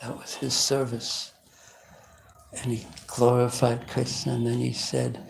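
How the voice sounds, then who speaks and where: A male preacher telling devotional stories in a lively sermon, often stopping and restarting his sentences. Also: mid-range voice, a little slow, creaky, a little hiss or hum, poor audio. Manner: animated, with frequent restarts.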